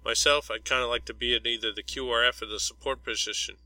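A man reading a steady squad leader's briefing. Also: mid-range voice, fast, dry recording, rough recording. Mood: relaxed. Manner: steady, matter-of-fact briefing. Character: calm, good-humored male squad leader.

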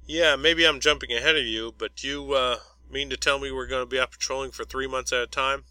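A man voicing a wisecracking young male soldier who barks loud military replies in a storybook reading. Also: mid-range voice, fairly even intonation, fairly quick, dry recording. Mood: questioning. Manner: jokey, loud military barking.

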